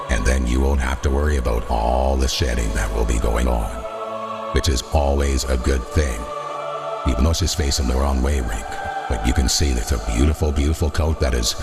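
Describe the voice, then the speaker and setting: A man putting on the voice of a calm, deep-voiced older male celebrity narrator to read an ad for a pet store. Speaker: ad reader. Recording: loud music bed behind the voice.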